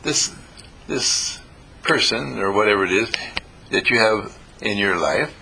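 A man's voice: lowish voice, animated, unhurried, vocal fry, bright, forceful tone, a little hiss or hum, low-quality recording. A man giving a self-help talk, telling stories animatedly and acting out the voices in them. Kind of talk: storytelling talk.

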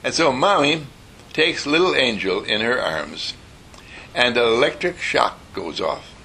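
Gravelly, animated man giving an inspirational talk. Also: medium pitch, a little slow, a little hiss or hum. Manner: animated storyteller who acts out voices and laughs.

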